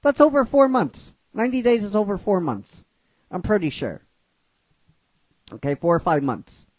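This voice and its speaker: A woman hosting a show, ranting in excited disbelief, swearing and laughing. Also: medium pitch, moderate pace, no room sound. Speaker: host. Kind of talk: casual ranting commentary.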